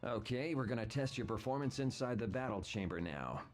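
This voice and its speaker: A woman voicing a lab researcher who gives instructions in a calm, businesslike way. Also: extremely low pitch, a little fast, soft background music, pitched below the performer's own voice.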